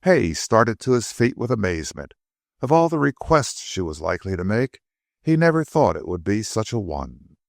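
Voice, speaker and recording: A man reading a mystery audiobook aloud, in expressive scripted narration. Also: fairly low pitch, moderate pace, gravelly, dry recording, studio quality.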